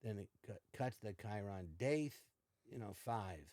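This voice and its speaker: A man's voice: fairly low pitch, moderate pace, no room sound. An older man, a podcast guest, telling stories in casual chat and acting out quoted lines with shifting voices. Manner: animated, acts out quotes in varied voices.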